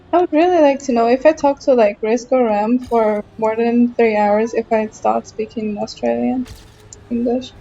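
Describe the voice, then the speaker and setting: High-voiced frustrated gamer woman streaming. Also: fairly even intonation, normal speed, dark tone, muffled recording, a little hiss or hum. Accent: German. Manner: frustrated, chatty, reacting to chat while playing. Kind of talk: casual live-stream chat while gaming.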